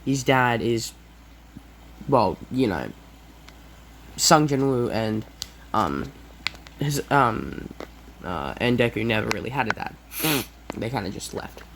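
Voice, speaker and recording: A man narrates an improvised fan story, pausing often with fillers and correcting himself. His voice sits at a middle pitch, with a faint background hum. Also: lively intonation. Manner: hesitant, many fillers and self-corrections.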